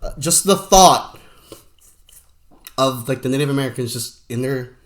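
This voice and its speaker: A man's voice: mid-range voice, a little slow. A man from Pennsylvania co-hosting a podcast in casual, profane chat, often slipping into goofy stoner impressions. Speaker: podcast co-host.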